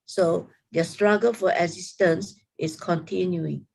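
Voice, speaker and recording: A woman reading scripture aloud in a steady, careful way during an online study group, heard over a video call. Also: lowish voice, measured pace, creaky, husky, poor audio.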